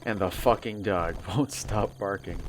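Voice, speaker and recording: A man's voice: fairly low pitch, a little slow, slight background noise. A man reading a visual novel aloud and reacting with casual swearing. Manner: reads game text aloud, then reacts with casual swearing. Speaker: game streamer.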